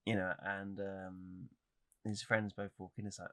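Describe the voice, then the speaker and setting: Low-voiced laid-back male podcaster. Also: a little slow. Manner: relaxed, hesitant, many fillers and restarts. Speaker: podcast co-host. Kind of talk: casual chat about anime.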